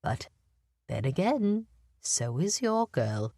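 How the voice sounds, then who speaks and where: A woman reading an audiobook, voicing a frail, sharp-eyed old woman, sick in bed, who teases in a wry, blunt way. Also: on the low side, big pitch swings, takes it slowly, dry recording, clean studio sound, heavily acted. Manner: wry and teasing. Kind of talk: audiobook character voice.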